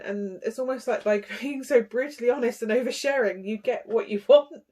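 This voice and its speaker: A woman's voice: fairly high pitch, brisk, few pauses, darkish tone. A young woman hosting a casual tarot reading, chatty and giggly, rambling with lots of fillers. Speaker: tarot reader.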